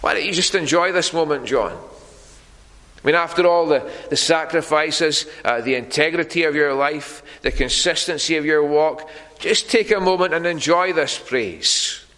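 Sly wheedling devil guy, higher than normal, a preacher doing the voice, echoey hall. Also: measured pace, bright, forceful tone. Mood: coaxing. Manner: coaxing, wheedling. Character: the devil, male tempter whispering flattery.

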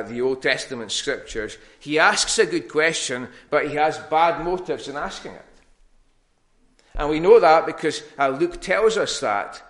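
A male preacher delivers a sermon in an easy, conversational way, often pausing on "uh" and restarting his sentences. His voice is bright and clear, at an ordinary mid pitch. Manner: conversational, with frequent fillers and restarts.

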